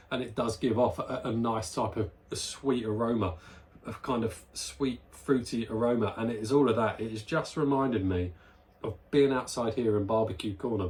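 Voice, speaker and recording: A man's voice: fairly low pitch, darkish tone. A man hosting his own beer review vlog, chatting casually and enthusiastically as he smells and tastes a beer. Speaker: beer reviewer, channel host. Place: at home, near a barbecue area.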